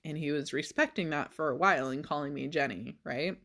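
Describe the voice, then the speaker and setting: A woman talks straight to her viewers in a loose, unscripted vlog. Her voice is gravelly with a lot of fry. She tells the story with a sarcastic, exasperated edge. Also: low voice, brisk, a bit bright. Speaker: vlogger. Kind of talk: casual vlog monologue.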